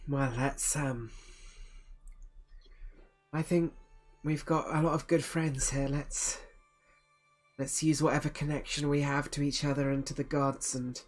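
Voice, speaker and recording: A man acting out a gentle halfling storyteller who speaks softly and formally, with many halting pauses. The voice stays flat and slow, with faint music playing underneath. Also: on the high side. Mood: anxious. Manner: soft-spoken, halting, formal. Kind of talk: tabletop role-play in character.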